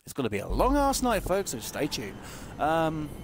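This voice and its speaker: A man's voice: a little high, normal speed. Chatty, swearing man streaming a racing game. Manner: chatty, excitable, swears often. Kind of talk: casual live-stream commentary while playing. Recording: racing game noise loud behind the voice. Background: game engine and car sounds.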